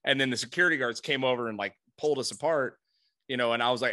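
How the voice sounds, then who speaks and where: A man in casual chat, telling an animated, profane story and laughing often. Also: mid-range voice, fast.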